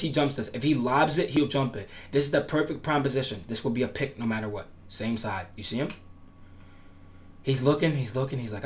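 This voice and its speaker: Man, gameplay tutorial, emphatic, repeats himself, voice cracking now and then, mid pitch, faint background noise. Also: fairly even intonation, quick pace. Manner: instructive, repetitive, emphatic promises. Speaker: gaming tutorial creator.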